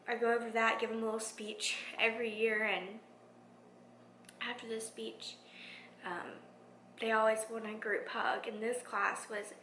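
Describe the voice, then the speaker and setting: Woman, schoolteacher, soft-spoken, heartfelt, near-whispering, bright tone. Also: a little high, slight background noise. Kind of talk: reflective vlog talk. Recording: echoey room.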